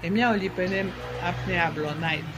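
A man, explaining things in an interview in a halting way, repeating words and slipping into French. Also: high voice, over music. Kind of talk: conversational explaining.

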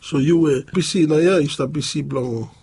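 A man preaching a sermon, pausing often as he talks. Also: on the high side, a little mellow, breathy edge. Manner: halting, with frequent pauses and fillers.

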